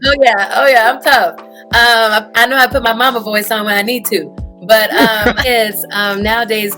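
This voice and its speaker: A woman's voice: on the high side, steady tone, normal speed, sharp tone, faint music behind. Earnest woman tennis coach with a Houston accent. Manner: earnest, fillers like "you know" and "um". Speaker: high school tennis coach. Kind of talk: interview answers.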